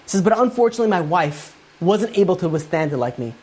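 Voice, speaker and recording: A man's voice: high voice, animated, quick pace, darkish tone, slightly rough. A man who is a rabbi, teaching a Torah class and retelling a long story, voicing its people's lines with loose spoken phrasing. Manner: retells a story at length with many quoted lines; loose spoken phrasing with repeated "he goes and he says". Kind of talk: storytelling lecture.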